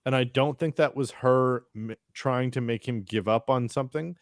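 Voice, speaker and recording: A man co-hosting a casual podcast chat, reviewing a TV episode, talking in an animated way, swearing and acting out scenes in quoted voices. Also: medium pitch, moderate pace, no echo, clean studio sound. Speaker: podcast co-host.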